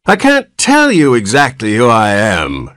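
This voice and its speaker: A man's voice: huge pitch swings, a little slow, a bit bright, dry recording, clean studio sound. A cracked, whiny ancient old man. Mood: querulous. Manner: querulous whine, rising to shrill protest. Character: cranky ancient old man born as baby.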